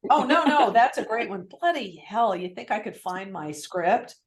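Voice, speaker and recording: A woman sales coach teaching on a live video call, lively and acting out phone script lines. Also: medium pitch, moderate pace, reverberant. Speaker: real estate sales coach.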